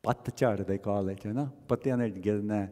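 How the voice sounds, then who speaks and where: A man's voice: on the low side, fairly quick. Reflective male wedding officiant, hall echo. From Canada. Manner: storytelling, gently reflective, breaks into chanted verse. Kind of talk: wedding sermon with sung verses. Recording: long hall reverb.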